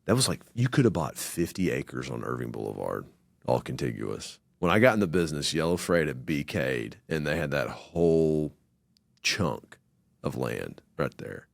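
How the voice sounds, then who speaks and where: A man hosting a casual interview, telling animated, slangy anecdotes full of acted-out quotes. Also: a bass voice, moderate pace, creaky, dry recording, clean studio sound. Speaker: host.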